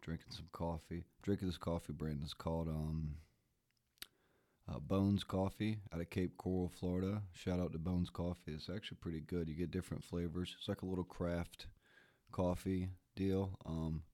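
A man's voice: low-pitched, steady tone, normal speed, dark tone, no room sound, clean studio sound. A man hosting a podcast, chatting casually in a groggy morning voice and rambling with lots of fillers and restarts. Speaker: podcast host.

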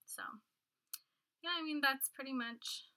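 A woman's voice: high voice, unhurried, sharp tone, low-quality recording. A woman chatting casually and candidly, rambling a little and swearing now and then. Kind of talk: casual chat.

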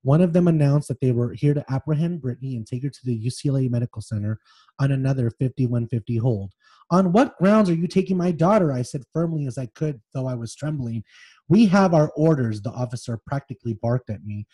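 Podcast co-host, male, mellow slightly husky voice, reads excerpts with feeling. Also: medium pitch, fast. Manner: reads excerpts aloud with feeling, then chats loosely. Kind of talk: casual chat with dramatic book reading.

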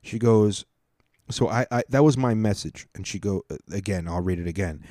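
A low-voiced man in the middle of a profane, heated rant, his words tumbling and restarting when he gets worked up. His tone is dark and mellow even as he vents. He reads someone's messages aloud and keeps breaking in to argue with them. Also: normal speed, dry recording, studio quality. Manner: swears a lot, stumbles and restarts when worked up. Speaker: vlogger.

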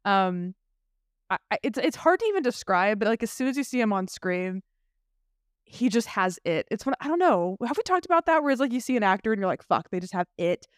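Guy on a film podcast raving about old movies, smooth clear voice, dry close mic, talks fast and loose with restarts. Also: high-pitched, dry recording. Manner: animated, swears freely, many restarts. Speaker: podcast co-host. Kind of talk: casual film chat.

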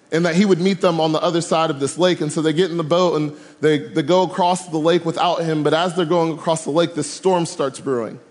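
A man speaking at a camp to a live audience, preaching a youth sermon with animated, humorous, slangy storytelling. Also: high-pitched. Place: large room with live audience. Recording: long hall reverb.

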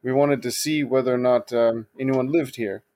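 A man playing a tabletop game on a stream, describing what his character does. He talks at a mid pitch, filling his pauses with ums. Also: steady tone, dark tone. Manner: hesitant, with ums and likes. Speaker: player.

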